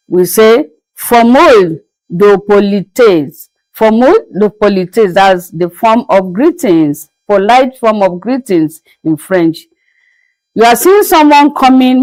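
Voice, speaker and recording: A woman's voice: fairly high pitch, a little mellow, no room sound, low-quality recording. A woman teaching basic French phrases in a patient, repetitive classroom manner. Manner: patient, repeats each word slowly. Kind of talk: slow classroom-style lesson.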